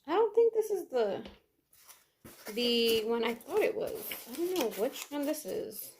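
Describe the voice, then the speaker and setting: A woman's voice: sits high, very animated, a little slow, a little hiss or hum. Chatty woman thinking aloud over nails. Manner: chatty, thinks aloud, trails off and corrects herself. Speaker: nail vlogger. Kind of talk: casual unedited chat while doing her nails. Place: home, at her nail table.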